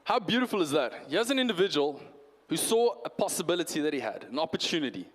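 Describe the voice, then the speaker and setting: Chatty preacher in a reverberant hall. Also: male voice, on the high side, fast talker. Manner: conversational, animated, asks the congregation questions. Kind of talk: New Year's Eve sermon. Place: church hall.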